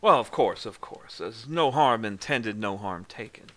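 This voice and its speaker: A man voicing a proud, easily offended southern gentleman at a tabletop game, with a drawling, indignant manner. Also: fairly low pitch, animated, unhurried. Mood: smoothing over.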